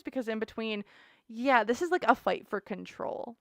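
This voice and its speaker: A woman's voice: on the high side, animated, normal speed, no room sound, studio quality. A woman hosting a casual tarot reading, chatty and dramatic, thinking aloud as she goes. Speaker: tarot reader host.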